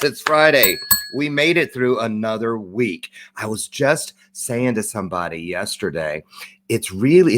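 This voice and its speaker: A man hosting a live-streamed talk show, opening with a chatty, joking monologue and lively asides. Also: lowish voice.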